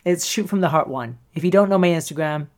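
A woman hosting a solo podcast as a coach, talking in an animated way, often laughing and acting out the voices she quotes. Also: deep voice, fast. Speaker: podcast host and screenwriting coach.

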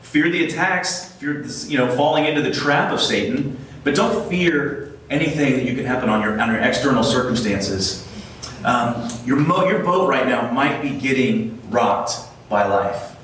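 A man delivers a conversational sermon, reading scripture aloud and asking his listeners questions. His voice sits at a middling pitch and comes from some distance off the mic. A heavy echo fills the large room, with faint ambience behind him. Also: normal speed, a bit bright, slight background noise. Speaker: pastor. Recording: echoey room, mic far off.

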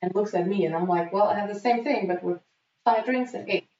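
A woman recounting a bad date in easy, animated conversation. She slips into quoted lines as she talks. Her voice comes from away from the mic in an echoey room, with a dull, muffled tone. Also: mid-range voice, brisk, far from the mic. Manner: lively storyteller acting out quotes. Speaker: guest telling a story. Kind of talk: casual chat. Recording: dull, roomy, off-mic sound.

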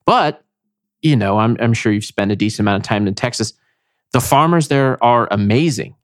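A man's voice: mid-range voice, lively intonation, normal speed, no echo, clean studio sound. A man hosting a podcast, chatting casually and enthusiastically. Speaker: podcast host. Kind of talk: casual chat.

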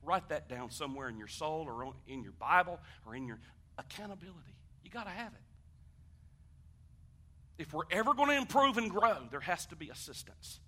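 A man preaching a sermon, conversational and animated, asking the congregation questions and swinging from hushed talk to shouting. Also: fairly high pitch, normal speed, pauses often. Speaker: pastor.

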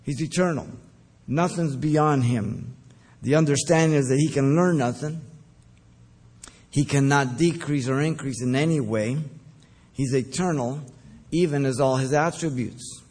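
A man preaching verse by verse, deliberate and emphatic, with occasional fillers. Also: mid-range voice, a little mellow. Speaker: pastor. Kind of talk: verse-by-verse Bible teaching.

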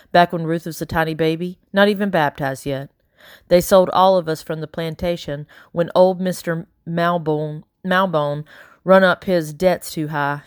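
A woman narrating a first-person audiobook in a steady, quietly dramatic way. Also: fairly low pitch, clear, resonant tone, no echo, clean studio sound. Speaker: audiobook reader.

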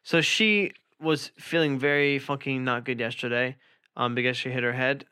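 A man's voice: medium pitch, normal speed, clean tone, no room sound. Young male co-host, casual and profane, dry close mic. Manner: swears constantly, animated storytelling. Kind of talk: casual chat.

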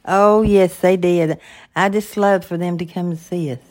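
A woman's voice: on the low side, fairly even intonation, normal speed, a little mellow. Folksy older woman. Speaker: podcast co-host, the host's mother. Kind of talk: casual faith-based podcast chat.

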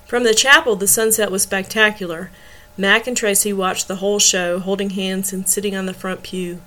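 A woman reading a novel aloud in steady storytelling narration. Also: mid-range voice, normal speed, rough recording. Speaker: audiobook reader.

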